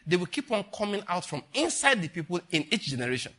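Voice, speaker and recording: Older pastor, bright and husky; conversational sermon with many asides. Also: male voice, high-pitched, sing-song, fast talker. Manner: conversational preaching with rhetorical questions and asides.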